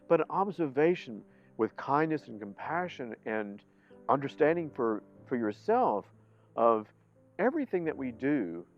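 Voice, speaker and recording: A man reflecting on his near-death experience in an interview, speaking in a halting, soft-spoken way. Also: mid-range voice, lo-fi sound. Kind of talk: personal storytelling.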